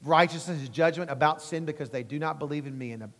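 A man's voice: a little high, fast, fairly bright tone, big-room sound. A man preaching a sermon as pastor, emphatic and rising at times, acting out quotes.

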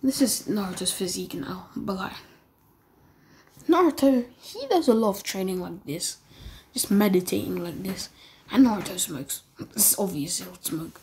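A young woman casually retelling a fan-fiction story as a YouTuber, rambling in a soft, whispery way. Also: mid-range voice, animated, moderate pace, slight background noise.

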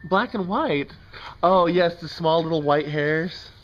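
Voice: mid-range voice, slow, a crowd in the background. A vlogger at home filming cats, gushing in baby talk at the animals on a handheld camera. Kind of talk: casual home video. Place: at home by a doorway. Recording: dull lo-fi camera audio.

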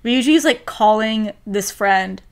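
A young woman co-hosting a casual podcast, retelling an anime episode in an animated way and saying "like" a lot. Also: medium pitch, takes it slowly. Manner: animated storyteller, heavy use of "like", acts out quotes. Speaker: podcast co-host.

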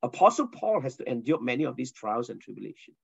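A man's voice: mid-range voice, quick pace, gravelly, slightly rough, no echo, highs cut off. A man teaching a Bible lesson as a pastor, telling stories with energy and asking the listeners questions. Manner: animated storyteller, asks the listeners questions. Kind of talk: sermon teaching.

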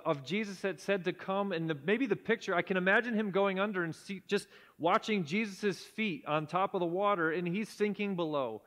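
Male preacher, high-pitched voice, earnest with hushed drops, in a church hall with a long echo. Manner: earnest, drops to a hushed low voice at key points. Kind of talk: sermon. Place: church sanctuary.

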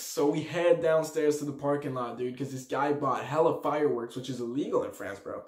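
Talking briskly with few pauses, a young storyteller vlogger recounts a party in a slangy, animated way, performing the quotes himself. His voice is medium in pitch, recorded with a roomy sound.

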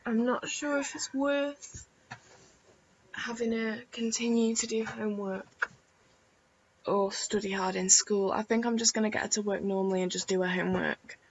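A woman talking casually over gameplay late at night, tired and croaky, rambling softly with lots of ums. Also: mid-range voice, steady tone, normal speed, muffled recording. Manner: rambling, soft-spoken with many ums. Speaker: gaming YouTuber. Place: home at night with family asleep.

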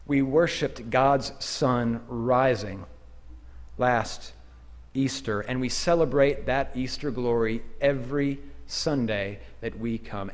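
Male pastor, mid-pitched voice, measured sermon delivery in a church, phrases that fade at the ends. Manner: measured preaching with pauses, endings trailing off quietly. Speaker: associate pastor. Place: church sanctuary.

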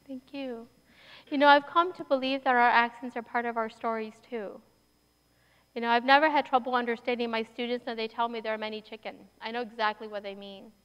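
A woman's voice: on the high side, fairly even intonation, fairly quick, fairly bright tone, clear, resonant tone. A woman with a Minnesotan accent, speaking as a guest in a university auditorium and answering audience questions in a reflective, conversational way. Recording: hall reverb, dull sound.

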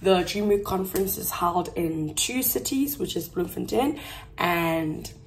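A young woman from South Africa chatting casually to her phone camera at home while getting ready, her voice hoarse and half gone, rambling and correcting herself with little laughs. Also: fairly low pitch, animated, a little slow, a little hiss or hum. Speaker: YouTuber vlogging. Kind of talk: casual vlog chat to camera. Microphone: phone on a tripod.

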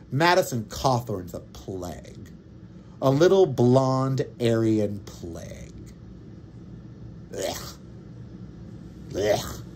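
A man's voice: fairly high pitch, a little hiss or hum. A man hosting a podcast, delivering an indignant, sarcastic political monologue. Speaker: podcast host.

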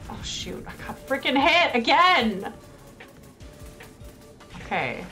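A woman's voice: high voice, very animated, slow, sharp tone, soft background music. A woman commenting live on her gameplay, reacting with frequent exclamations and mild swearing. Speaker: game streamer.

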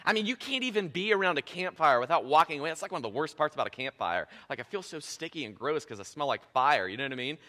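A man preaching a sermon in a church, retelling a scripture story in a lively, playful way with casual asides. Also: fairly high pitch, fast talker, hardly any pauses. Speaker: pastor. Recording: echoey church hall.

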